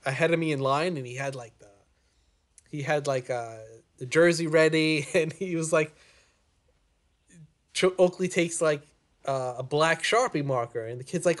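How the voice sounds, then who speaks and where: Brief: male co-host, slightly high voice, laughs and cusses while telling stories. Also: normal speed, pauses often, a bit bright. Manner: laughs through stories, swears. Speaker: podcast co-host. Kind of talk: casual chat.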